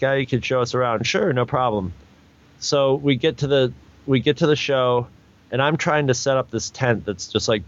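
On a muffled recording, a man with a mid-range voice, appearing as a storyteller guest, rambles through a long casual anecdote. He restarts often, leans on fillers, and raises his voice when acting out other people's lines.

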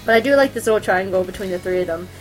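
A woman hosting a podcast, chatting casually and excitedly about anime, giggling and gushing as she talks. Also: mid-range voice, racing, soft background music. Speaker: podcast host. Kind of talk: casual anime review chat.

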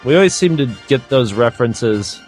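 A man's voice: mid-range voice, animated, normal speed, darkish tone, faint music behind. A man co-hosting a podcast in casual, joking chat that drifts off on tangents. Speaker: podcast co-host.

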